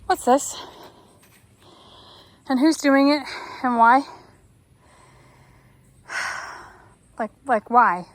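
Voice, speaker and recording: A woman's voice: sits high, extremely slow, long pauses, no echo. A woman chatting casually to the camera outdoors on a farm while doing chores. She talks to herself and makes playful asides to her viewers. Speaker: vlogger and horse owner.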